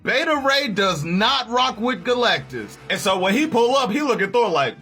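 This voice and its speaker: A man's voice: high-pitched, big pitch swings, moderate pace, few pauses, sharp tone, faint music behind. A man hosting a casual, slangy comic recap in a hyped way.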